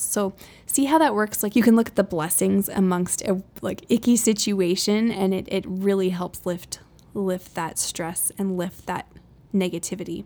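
A woman's voice: medium pitch, darkish tone. Woman podcast host, 30s, friendly conversational monologue, easy laughs, mid-range voice. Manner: chatty and upbeat, laughing often at herself. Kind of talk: casual faith-based podcast monologue.

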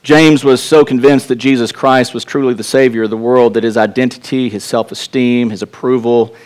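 A man's voice: mid-range voice, steady tone, normal speed, darkish tone. A male pastor with a Texas accent delivers a sermon in a church. His mid-range voice is earnest and conversational. He often restarts his phrases and turns aside to speak directly to the congregation.

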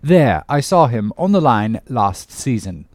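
A man's voice: mid-range voice, big pitch swings, a little slow, no echo, clean studio sound. A man voicing a good-humoured, one-armed English sea captain in an audiobook reading, telling a rambling, hearty tale. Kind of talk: audiobook character voice.

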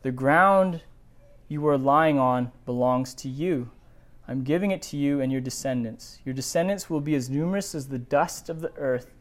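A male pastor giving a sermon, reading scripture aloud and breaking off into animated, digressive asides. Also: medium pitch, normal speed.

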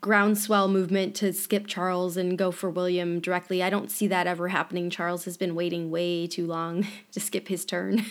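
A woman with a fairly low voice muses through her points in a relaxed podcast conversation. She leans on "you know" and "um," and her pitch climbs when she presses an idea. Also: moderate pace. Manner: thoughtful, many fillers, rises in pitch when stressing points. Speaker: podcast co-host. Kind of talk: casual chat.

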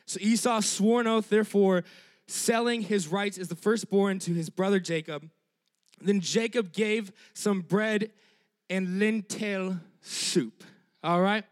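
A man with a high-pitched voice preaches a lively sermon. He talks in an emphatic, conversational way, repeating his key phrases for weight. He keeps checking in with his listeners by tagging "all right?" onto his sentences. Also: slow pace.

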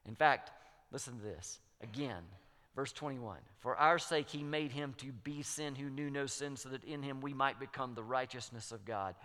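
A man's voice: mid-range voice, moderate pace, bright, forceful tone. A man preaching a sermon as pastor, emphatic, repeating key phrases and building to strong peaks. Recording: long hall reverb.

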